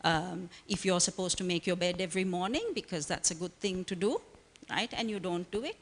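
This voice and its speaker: A woman's voice: lowish voice, lively intonation, a little fast. A woman counselor giving an emphatic interview answer who keeps asking "right?". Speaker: guest, counselor. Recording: long reverb.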